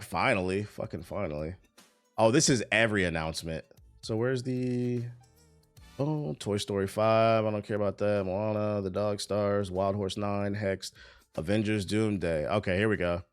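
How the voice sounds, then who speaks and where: Soft background music plays as a man, speaking at normal speed, reads entertainment news on a casual stream. He keeps cutting in with profane, laughing asides, his pitch leaping with excitement.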